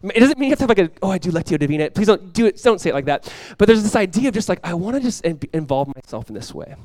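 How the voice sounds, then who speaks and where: A male pastor preaching in a conversational sermon style, dropping to a hushed voice when acting out prayers. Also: high voice, very animated, fast talker, no room sound.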